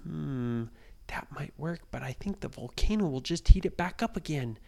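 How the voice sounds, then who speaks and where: A man voicing a worried young boy in a bedtime story, speaking softly and hesitantly. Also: fairly high pitch, animated, normal speed, vocal fry.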